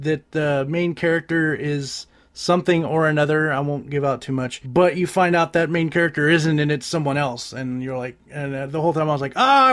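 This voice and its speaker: A man with a noticeably high voice hosts a casual nerd podcast. He rants with a profane, animated style and exaggerates freely as he reviews a movie. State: briefly out of breath. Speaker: podcast host.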